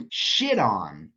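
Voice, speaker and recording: Man, podcast guest, animated storyteller, swears freely, slightly dull lo-fi audio. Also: deep voice. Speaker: guest, designer and author. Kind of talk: casual podcast conversation.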